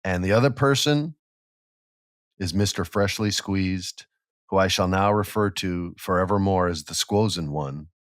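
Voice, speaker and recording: Animated, low-voiced male podcast host. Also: unhurried, dry recording, studio quality. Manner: animated storyteller who acts out quotes and sound effects. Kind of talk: casual wrestling podcast chat.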